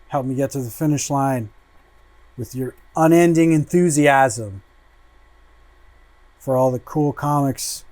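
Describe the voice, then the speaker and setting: A man talks through a comic book on a casual livestream, thinking aloud in relaxed asides. He speaks slowly, with a mid-range pitch, and swears freely as he goes. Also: dry recording. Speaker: host flipping through a comic.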